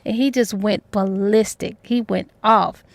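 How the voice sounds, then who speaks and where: A woman's voice: mid-range voice, steady tone, a little slow, gravelly, dry recording. A young adult woman retelling a novel's plot in a casual, colloquial way as a book reviewer. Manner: chatty, colloquial, acts out characters' lines.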